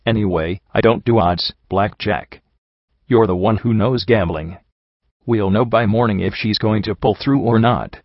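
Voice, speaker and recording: A man voicing a gentle, earnest female pegasus doctor who speaks softly and matter-of-factly, recorded dry and a little dull. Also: fairly low pitch, a little slow, no echo. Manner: soft, matter-of-fact reassurance.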